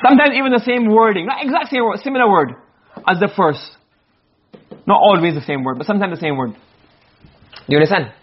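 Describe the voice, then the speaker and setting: A man with a high, breathy-edged voice talks fairly quickly but leaves long pauses while lecturing on Arabic rhetoric. Switching from Arabic text to English explanation, he repeatedly checks on his students with "okay?" and "you understand?" The classroom audio is dull and lo-fi.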